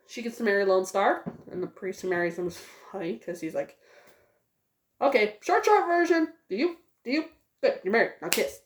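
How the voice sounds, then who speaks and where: A woman's voice: medium pitch, a little mellow. Rambling woman reviewing a movie, echoey room. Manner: rambling, with many fillers. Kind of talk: casual spoken movie review.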